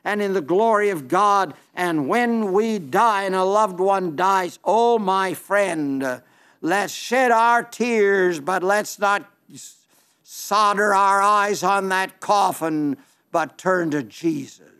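A male preacher with a high-pitched voice delivers a sermon. He speaks earnestly and pleads with his listeners, stretching out key phrases slowly for emphasis. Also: a bit bright, clear, resonant tone.

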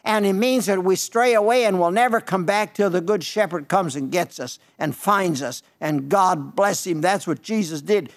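Older guy preaching on the radio, high pitched voice, folksy, keeps hammering the same words. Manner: folksy, emphatic storytelling with repeated phrases. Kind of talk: folksy radio sermon answering listener letters.

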